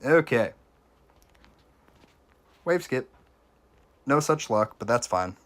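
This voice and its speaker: A man streaming a game, giving casual gameplay commentary and chatting with viewers, with sudden excited reactions. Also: mid-range voice, slow.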